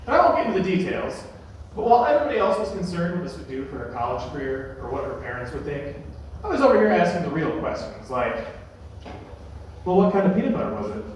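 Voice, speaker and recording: A young male comedian on stage, his voice sitting high for a man, delivering jokes in a dry, deadpan way. The sound comes from a distant mic in a very echoey room with a faint hiss behind it. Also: fast. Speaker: stand-up comedian. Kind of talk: stand-up comedy set.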